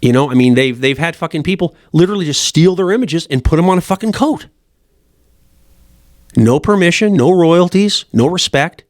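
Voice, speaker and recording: A man's voice: fairly high pitch, animated, normal speed, a little mellow, dry recording, studio quality. Blunt, profane middle-aged man. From Montana, USA. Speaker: fly shop owner. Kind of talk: casual rambling monologue.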